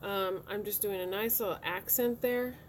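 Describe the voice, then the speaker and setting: A woman in her thirties talks casually through her makeup routine step by step, chatty and easygoing. Her voice sits at an ordinary middle pitch. A faint background noise runs under the recording. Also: steady tone, moderate pace. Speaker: beauty vlogger. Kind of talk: casual makeup tutorial talk. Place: home room.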